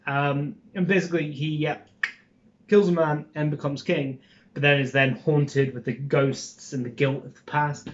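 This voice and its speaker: A man's voice: fairly high pitch, steady tone, a little slow, muffled recording. Rambling young Scottish man vlogging. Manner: rambling and informal, with frequent ums and swearing. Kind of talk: casual chat to camera.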